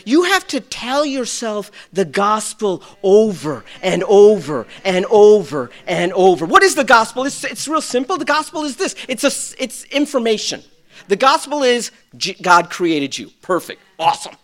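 A middle-aged man preaching a sermon, swinging between loud bursts and hushed lines, with self-deprecating humor. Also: sits high, very animated, normal speed. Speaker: pastor.

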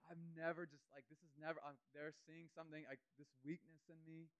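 Earnest, smooth-voiced male preacher. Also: on the high side, flat delivery, fast, fairly bright tone, dry recording, muffled recording. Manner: conversational and emotional, lots of fillers. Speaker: youth pastor. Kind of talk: personal testimony sermon.

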